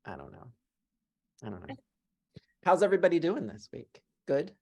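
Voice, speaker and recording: A woman with an unusually deep voice hosts a podcast in relaxed conversation. Her humor is dry and deadpan, delivered offhandedly. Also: normal speed, gravelly, slightly rough. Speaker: podcast host. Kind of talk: casual chat.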